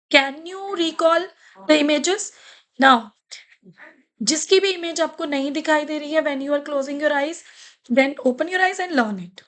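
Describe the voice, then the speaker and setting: A woman with an Indian English accent, teaching a beginners' French lesson to children, repeating each word slowly and coaxing the class along. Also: sits high, fairly bright tone. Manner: slow, repeats words and coaxes students.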